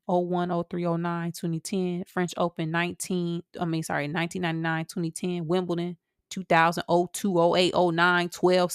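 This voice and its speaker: Woman podcast host, lower-pitched, animated and emphatic, close dry mic. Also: dry recording. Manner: animated, emphatic, talks straight to listeners. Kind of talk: solo podcast commentary.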